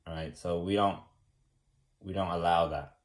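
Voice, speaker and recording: A man with a fairly low voice talks through a loose, unscripted explanation. He rambles, restarts phrases and leans on "like" and "um". He comes from the United States and sounds like an everyday person sharing his thoughts. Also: fairly even intonation, moderate pace. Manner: rambling, repeats words, many fillers. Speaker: explainer teaching about government.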